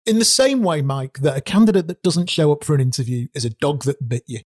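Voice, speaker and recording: A man's voice: fairly high pitch, animated, a little fast, hardly any pauses, breathy edge, dry recording, studio quality. A man co-hosting a casual business talk show, emphatic and repeating words for stress. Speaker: podcast co-host, recruiter. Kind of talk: casual chat.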